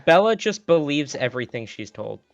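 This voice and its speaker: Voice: mid-range voice, big pitch swings, fairly quick, vocal fry, no echo, highs cut off. A tabletop game player talking casually and asking questions in character.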